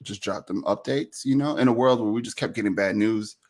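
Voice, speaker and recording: A man co-hosting a live online event, chatting casually, laughing often and keeping things lively. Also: on the low side, fairly quick. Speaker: event co-host. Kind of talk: casual live-stream chat.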